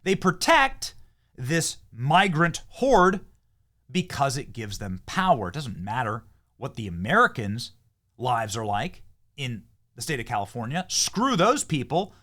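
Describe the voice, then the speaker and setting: A man's voice: mid-range voice, big pitch swings, a little slow, bright, forceful tone. A man hosting a political commentary show, speaking in a heated, emphatic and combative way. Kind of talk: opinion commentary.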